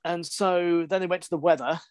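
A man's voice: high voice, brisk, no room sound. Man telling a story with laughs. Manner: lively, self-deprecating, laughs often. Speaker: guest, sports broadcaster. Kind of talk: anecdotal storytelling in an interview.

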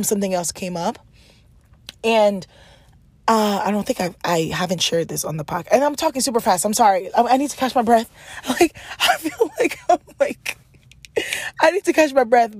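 Animated young woman, dry close sound. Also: fairly low pitch, dry recording. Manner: rapid, animated, confiding. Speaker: podcast host. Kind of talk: personal diary podcast.

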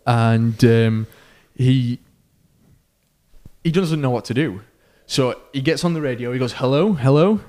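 A man's voice: mid-range voice, a little slow. A man co-hosting a podcast, telling a long story in a casual way and acting out the voices of the people in it. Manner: animated storyteller who acts out quoted voices, with fillers. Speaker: podcast co-host.

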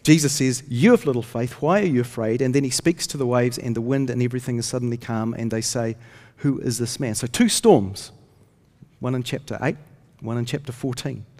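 A man's mid-range, darkish voice moves a little fast as he preaches a sermon. The pastor narrates earnestly and rises when quoting scripture, with a long hall reverb on the recording.

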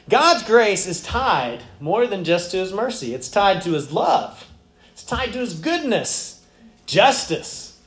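A man's voice: high voice, big pitch swings, takes it slowly, fairly bright tone, reverberant. A man preaching a sermon as pastor, talking in a loose, conversational way and turning to ask the congregation questions.

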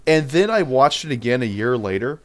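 A man's voice: mid-range voice, a little fast. A man chats loosely as co-host of a casual podcast. He rambles through his stories and breaks into laughter often. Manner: animated, rambling, laughs easily. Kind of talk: casual chat.

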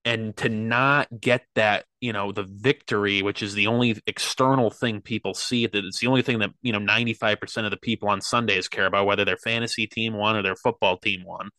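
Young guy rambling on a podcast, bright forceful voice, dry close sound, kinda low. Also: fairly even intonation, a little fast, hardly any pauses, no room sound. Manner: rambling, earnest, many fillers. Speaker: podcast guest, athlete. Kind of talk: casual podcast chat.

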